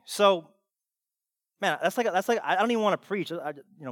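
A male pastor delivers a sermon in a strikingly high voice, mixing casual slang with rising, shouted intensity. The sound is dry and close, with no room echo. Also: animated, normal speed, pauses often.

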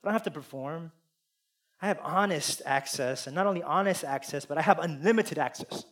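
A man preaching a sermon, earnest and confessional, swinging between loud appeals and hushed asides. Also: on the high side, fairly quick. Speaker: pastor.

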